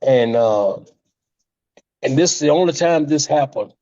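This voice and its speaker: An older man, a retired wrestler, telling animated stories in an interview, with frequent laughs and restarts. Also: mid-range voice, measured pace. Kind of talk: storytelling interview. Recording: slightly muffled lo-fi audio.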